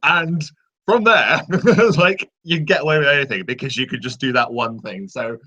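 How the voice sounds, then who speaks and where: A man who is a guest on a live panel, explaining in casual chat with animated delivery. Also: mid-range voice, moderate pace, highs cut off. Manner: animated, laughs while explaining.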